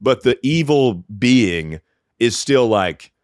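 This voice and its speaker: A man's voice: medium pitch, expressive, slow pace, no echo, studio quality. A man co-hosting a casual comedy podcast, ranting profanely and breaking into mocking voices. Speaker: podcast co-host.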